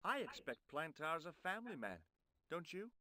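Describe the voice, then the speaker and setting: A dry, sardonic game detective. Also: male voice, on the high side, very animated, moderate pace, pushed and bright, dry recording, exaggerated voice.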